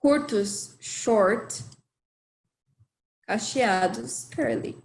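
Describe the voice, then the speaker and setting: A woman gives an online language lesson at an unhurried, deliberate pace, repeating each point with patience. Her voice sits a little high. The recording has a roomy echo with faint noise underneath. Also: creaky. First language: Portuguese. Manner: slow, patient explaining with repetition. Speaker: language teacher. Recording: echoey room.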